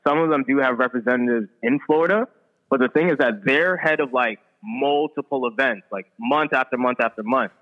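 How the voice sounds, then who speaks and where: A man's voice: medium pitch, fairly quick, muffled recording. A man talking casually on a podcast, hesitant and filling gaps with likes and ums. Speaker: guest.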